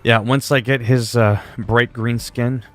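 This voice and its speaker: A man's voice: medium pitch, steady tone, measured pace, faint music behind. A man chatting casually on a game livestream, rambling and swearing freely. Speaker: game streamer.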